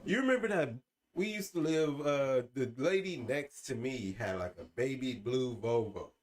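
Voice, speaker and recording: A man's voice: medium pitch, lively intonation, normal speed, slight background noise. A man co-hosting a casual podcast chat, chatty and hedging his opinions. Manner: chatty, hesitant restarts, hedging. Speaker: podcast co-host.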